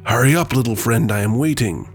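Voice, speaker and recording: A man's voice: medium pitch, expressive, a little fast, faint music behind, close to an everyday voice. A man doing a sly, coaxing sea dragon. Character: scheming male sea dragon, smooth-talking.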